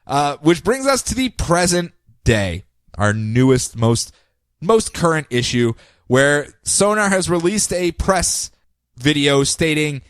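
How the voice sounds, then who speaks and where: A man co-hosting a podcast, casually recapping comic book stories in a jokey, animated way and dropping into silly voices. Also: fairly high pitch, takes it slowly, smooth, dry recording. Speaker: podcast co-host.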